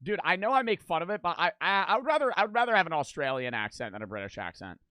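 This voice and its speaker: Animated young man reacting, bright voice. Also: fairly high pitch, fast talker, smooth, no room sound. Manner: animated, swearing, joking. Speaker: reaction streamer. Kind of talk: casual reaction commentary.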